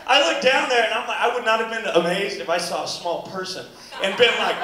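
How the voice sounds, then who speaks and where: A man's voice: very high-pitched, fast. A man performing a rambling stand-up comedy set, acting out his own exclamations. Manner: animated, rambling storytelling with acted-out exclamations. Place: club stage with audience. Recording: echoey club room with crowd.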